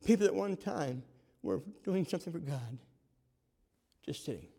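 A man preaching a sermon, fervent, swinging from loud to hushed. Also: fairly high pitch, lively intonation, moderate pace, vocal fry, breathy edge. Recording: long hall reverb.

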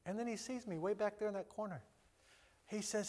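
A man's voice: high voice, brisk. A middle-aged man, a pastor, telling a personal story in a rambling way with many restarts and acting out the voices of the people in it. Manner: animated, acts out other people's voices. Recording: long hall reverb.

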